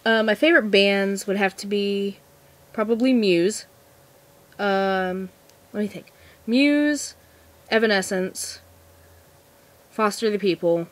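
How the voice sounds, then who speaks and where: A woman's voice: medium pitch, slow pace, pauses often. Giggly nervous teenage girl vlogging. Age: teens. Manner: nervous, giggly, rambling with many restarts. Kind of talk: casual Q&A vlog.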